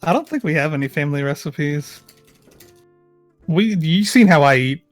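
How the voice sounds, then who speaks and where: A man's voice: fairly high pitch, moderate pace, no room sound, faint music behind. A man co-hosting a casual online talk show, telling a childhood story with acted-out quotes and plenty of swearing. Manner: animated storyteller, acts out quotes, swears freely. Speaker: podcast co-host.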